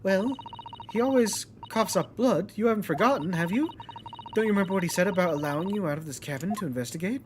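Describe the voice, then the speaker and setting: A man's voice: sits high, lively intonation, quick pace, noisy background, pitched above the performer's own voice. A man voicing a polite, earnest young woman assistant who speaks formally, over game music. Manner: formal, courteous speech.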